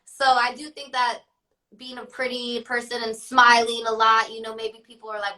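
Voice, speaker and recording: Chatty, bright-voiced woman rapper. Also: fairly high pitch, level tone, normal speed, low-quality recording. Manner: chatty, heavy on fillers and laughter. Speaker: rapper guest. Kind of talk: casual interview chat.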